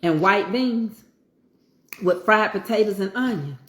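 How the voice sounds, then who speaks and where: A woman's voice: mid-range voice, expressive, measured pace, a bit bright, echoey room. Folksy woman talking over a meal. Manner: folksy Southern talk, preachy asides. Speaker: home cooking vlogger. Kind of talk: casual chat while eating.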